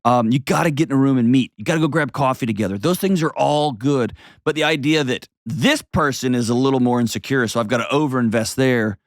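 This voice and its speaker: A man's voice: mid-range voice, a little fast, hardly any pauses, dry recording, clean studio sound. Blunt, emphatic male show host. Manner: blunt, emphatic, repeats himself for stress. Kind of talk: advice show monologue.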